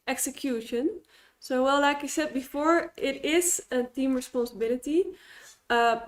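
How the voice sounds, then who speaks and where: A woman's voice: high-pitched, a little mellow. A woman giving a conference talk at a tech meetup, explaining with frequent false starts and fillers. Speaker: conference speaker. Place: meetup presentation venue.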